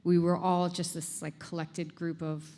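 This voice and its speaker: A woman's voice: lowish voice, normal speed. A middle-aged woman chatting as an interview guest, telling stories and laughing often. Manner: laughs often, animated storytelling. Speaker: actress guest. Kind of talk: casual interview chat.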